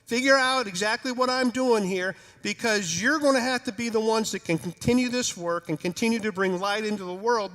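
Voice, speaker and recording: A man preaching a sermon as pastor in a church, storytelling in a conversational, humorous, animated way. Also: sits high, big-room sound. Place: church sanctuary.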